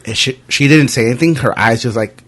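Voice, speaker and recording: Young guy hosting a podcast, swears a lot, animated storytelling, mid pitch voice. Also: a little fast, breathy edge. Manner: animated anecdotes, frequent profanity. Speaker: podcast host. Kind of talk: casual storytelling chat.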